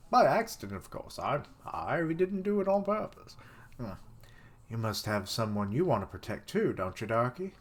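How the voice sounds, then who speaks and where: Joking man reading a manga aloud. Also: lowish voice. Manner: joking, swears often, laughs at own jokes. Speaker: streamer reacting to a manga chapter. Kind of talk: live reaction, reading aloud and commenting.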